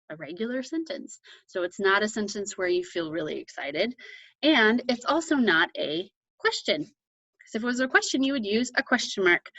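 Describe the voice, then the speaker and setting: A woman teaching kindergarten children in a recorded video lesson from an empty classroom, speaking in a gentle, encouraging way with frequent ums. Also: mid-range voice, dry recording, dull audio.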